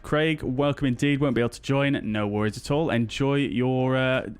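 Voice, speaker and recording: A British man streams a flight simulator, chatting casually and welcoming viewers one at a time, with lots of ums and uhs. His medium-pitched voice is clear and resonant, a little fast, with no echo and faint music in the background.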